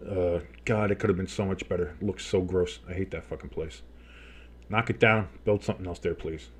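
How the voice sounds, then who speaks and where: A man's voice: deep voice, husky. A man calling a game play-by-play as a fan commentator, rambling and joking with profane asides, saying he has had too much coffee. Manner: says he is talking fast on too much coffee.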